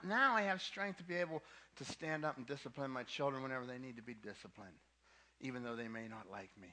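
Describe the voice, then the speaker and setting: A man's voice: mid-range voice, sharp tone. A man preaching a sermon to a young adult ministry, emphatic, with casual asides, and repeating his key points twice.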